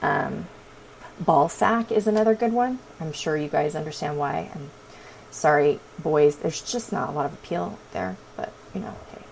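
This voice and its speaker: A woman's voice: low-pitched, moderate pace, creaky, a little mellow, slight background noise, low-quality recording. A woman hosting her own astrology podcast, chatting casually in a sassy, profane way. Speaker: podcast host. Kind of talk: casual chat.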